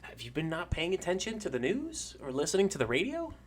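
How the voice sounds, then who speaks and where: A woman doing a soft-spoken, worried daycare worker. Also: fairly low pitch, huge pitch swings, brisk, voice pushed up.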